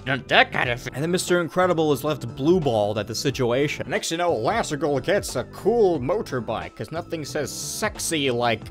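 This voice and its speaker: A man's voice: fairly high pitch, animated, moderate pace, hardly any pauses, faint music behind. A young man recapping a film as a rambling, crude comedic parody, slipping in silly voices. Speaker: guest reviewer.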